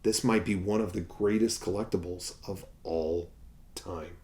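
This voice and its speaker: Low-pitched man, mock-epic storytelling, dramatic swings from loud to whispery. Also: steady tone, unhurried. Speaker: toy collector vlogger.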